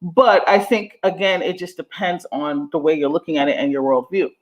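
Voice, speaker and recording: A woman's voice: low-pitched, steady tone, moderate pace. A woman from Jamaica hosts a casual livestream. She talks frankly and animatedly to her chat, swears freely and breaks into laughter. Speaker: livestream host.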